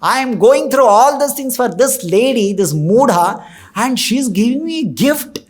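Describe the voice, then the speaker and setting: A man's voice: very high voice, lively intonation, a little slow, heavily acted. A man voicing a furious, indignant old maidservant who rants as he retells a scripture story. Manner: ranting, indignant.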